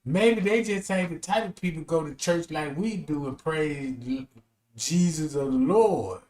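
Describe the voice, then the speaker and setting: A man streaming casual commentary, animated and slangy, rambling as he reacts to what he reads. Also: on the high side, measured pace, echoey room.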